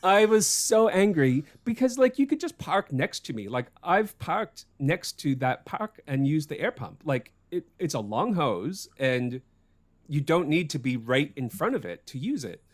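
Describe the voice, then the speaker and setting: Man, podcast host, slightly high voice, very lively pitch, profane, laughing storyteller. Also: measured pace. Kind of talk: casual storytelling chat.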